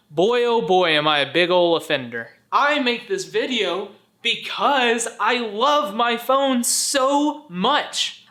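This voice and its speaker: A man with a high-pitched, bright voice delivers a faith-based motivational vlog. He is earnest and preachy yet playful, slipping into jokey voices to make his point. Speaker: vlogger.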